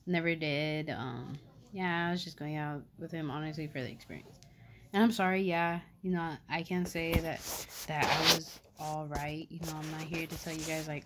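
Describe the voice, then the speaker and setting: A woman's voice: low voice, fairly even intonation, normal speed, a little hiss or hum. A young woman vlogger telling a story in casual, slangy talk full of fillers. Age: young adult.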